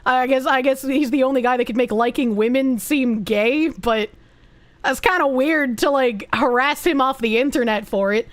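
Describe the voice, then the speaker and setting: A woman's voice: sits high, normal speed. A woman streamer chatting casually with her audience, crude and teasing, breaking into bursts of laughter. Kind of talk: casual chat.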